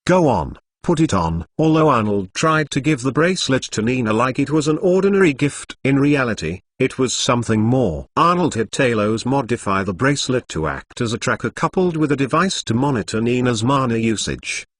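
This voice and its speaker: Man narrating a novel, lively pitch. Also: a little fast, hardly any pauses, no room sound, studio quality. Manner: steady storytelling reading. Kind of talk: audiobook narration of a web novel.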